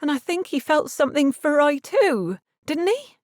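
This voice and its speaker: A woman's voice: high voice, sing-song, normal speed, dry recording, clean studio sound, voice pushed up. A woman doing an earnest young Cornish maiden. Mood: pleading. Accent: Cornish dialect. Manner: soft, earnest, pleading.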